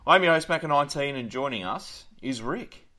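A man with an Australian accent hosting a casual sports podcast. He is chatty and upbeat and often pauses on fillers. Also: medium pitch, animated, pushed and bright. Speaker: podcast host.

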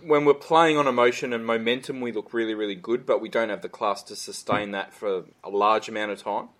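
Passionate swearing Australian host. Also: male voice, fairly even intonation, fairly quick, a bit bright. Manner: passionate, swearing, trailing off low. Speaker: podcast host reading listener questions. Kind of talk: casual fan chat.

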